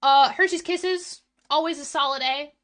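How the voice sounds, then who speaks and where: A woman's voice: sits high, normal speed, a bit bright. A young woman streamer chatting casually with her viewers, blunt and full of swearing. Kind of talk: casual chat stream, reading chat.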